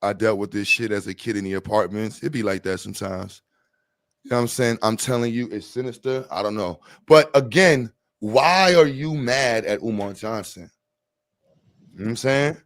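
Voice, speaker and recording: A man's voice: on the low side, normal speed, dry recording. A man hosting a casual livestream chat, talking bluntly and rambling with jokes. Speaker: host.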